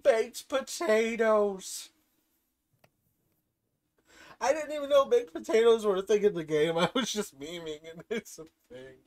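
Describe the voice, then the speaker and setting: A woman giving casual gameplay commentary, rambling from low mumbles to excited shrieks and talking to the game's items. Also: fairly quick. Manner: talks to game items, swears casually. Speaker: gaming channel host.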